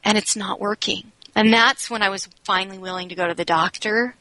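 A woman's voice: mid-range voice, steady tone, fairly quick, sharp tone, dry recording, poor audio. A woman speaking as an interview guest, telling a personal story in a candid, reflective way and often saying "you know.".

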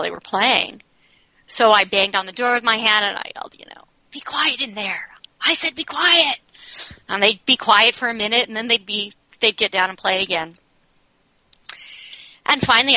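A woman's voice: mid-range voice, pushed and bright, no echo, poor audio. A woman speaking as an interview guest, telling a personal story in a candid, reflective way and often saying "you know.".

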